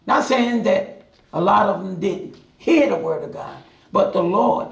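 Recorded from afar in a room full of echo, this man's high, creaky, animated voice moves at a measured pace. He teaches Bible study in a fervent, hollering preaching manner, pounding his points in by repetition.

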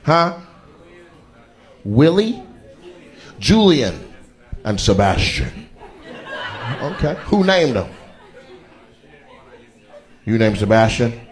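Guy comic roasting the crowd, swoops all over in pitch, slow drawl, audience roaring. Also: sing-song. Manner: brash, profane roasting of audience members. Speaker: stand-up comedian. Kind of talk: crowd work stand-up. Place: comedy venue with a live audience. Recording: live audience laughter and cheering.

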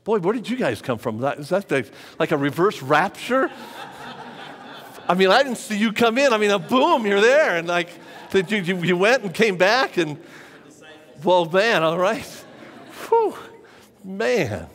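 A pastor preaching a sermon to a live congregation in a church, talking conversationally and repeating phrases for emphasis. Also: male voice, sits high, big pitch swings, unhurried, pauses often, fairly bright tone. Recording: long church reverb.

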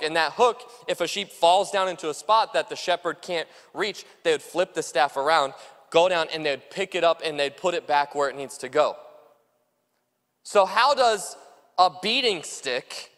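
A man's voice: fairly high pitch, brisk, a bit bright, big-room sound. A pastor preaching a sermon to his congregation, earnest and repetitive, with frequent fillers. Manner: earnest, repeats phrases for emphasis, many "uh" fillers. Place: church sanctuary.

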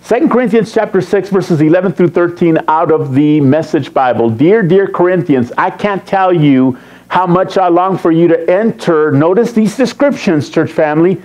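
A man's voice: sits high, expressive, moderate pace, a little mellow. A man preaching a sermon as pastor, teasing and quizzing his congregation. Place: church sanctuary.

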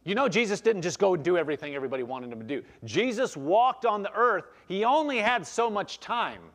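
A man's voice: high-pitched, expressive, fairly quick, fairly bright tone. A man preaching a conversational sermon in a church, reading scripture aloud and explaining it with frequent restarts. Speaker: pastor.

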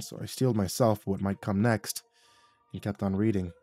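A man reading a first-person horror story aloud, dramatic and swinging between hushed and loud. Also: on the low side, steady tone, brisk, soft background music.

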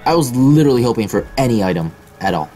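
Talking quickly at a medium pitch, a young male gaming host commentates his own play for a let's-play video, with faint music behind him. He swears often, belittles his own skills, and yelps excitedly when struck.

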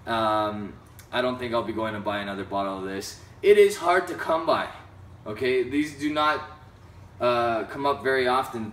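A man's voice: medium pitch, a bit bright, a little hiss or hum. A young adult man hosting a casual whisky review, talking frankly with lots of ums and hesitant restarts. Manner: frank, hesitant with many ums, apologetic asides. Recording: roomy, slightly distant mic with faint ambience.

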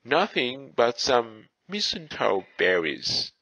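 A man voicing a cautious elder brother who warns his sibling in hushed, careful speech in a storybook audiobook. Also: mid-range voice, sing-song, slow pace, creaky, dry recording, heavily acted, poor audio. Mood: cautioning.

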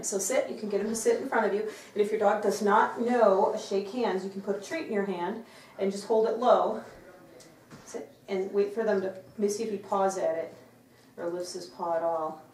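A woman dog trainer explaining a trick to viewers, breaking off to praise the dog with a bright, loud voice. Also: medium pitch. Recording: roomy, from some distance, faint clicks.

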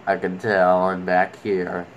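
A man's voice: low-pitched, completely flat delivery, takes it slowly, lo-fi sound, slight background noise. A man giving casual commentary while playing a video game, rambling and talking fondly to the creatures on screen.

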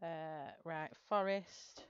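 A woman's voice: deep voice, fairly even intonation, drawn-out words, clean tone, highs cut off. A woman hosting a live colouring stream, chatting and giggling as she greets viewers by name. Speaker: livestream host colouring live. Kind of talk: casual chat while colouring.

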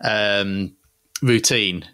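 A man in a casual football chat, asking a question in a halting way. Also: lowish voice, steady tone, sharp tone, clear, resonant tone.

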